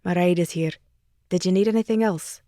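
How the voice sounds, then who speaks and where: A woman's voice: fairly low pitch, brisk, warm tone, no echo, studio quality, close to an everyday voice. A woman voicing a terse Scottish rock star. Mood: guarded. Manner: terse, guarded. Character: brooding Scottish rock star, young man.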